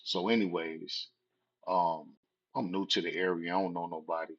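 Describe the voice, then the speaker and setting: Speaking at a moderate pace with fairly even intonation, this low-pitched man, a vlogger in his forties from Southern California, recounts a personal story in easygoing street slang. The recording is lo-fi and dull.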